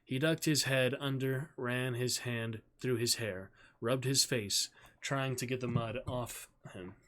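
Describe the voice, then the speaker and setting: On his stream, a man reads a novel aloud in an ordinary mid-pitched voice. He keeps a calm, measured pace, and every sentence comes out steady and even as the story unfolds.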